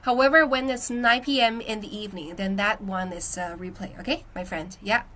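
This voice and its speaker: Young woman, casual live-stream chat, bright tone, recovering from a cold, says "my friend" a lot. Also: medium pitch, steady tone, normal speed, slight background noise. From China. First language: Chinese. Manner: chatty, reads out viewer comments, frequent "my friend" and "yeah". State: recovering from illness, coughing. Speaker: livestream host.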